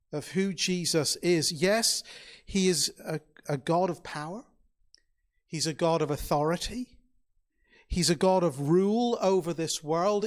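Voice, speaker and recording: Slow, earnest man preaching a sermon. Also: fairly high pitch. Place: church.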